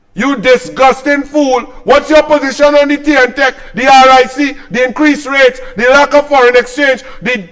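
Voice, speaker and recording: A man's voice: very high voice, fairly bright tone, clear, resonant tone. A man with a Trinidadian accent delivering a sarcastic, combative political rant as a commentator, mocking his targets.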